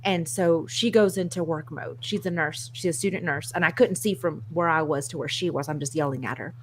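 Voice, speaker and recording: A woman co-hosting a casual chat show, telling a story in an animated, self-mocking way and laughing often. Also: low voice, a little fast, a little hiss or hum. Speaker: co-host.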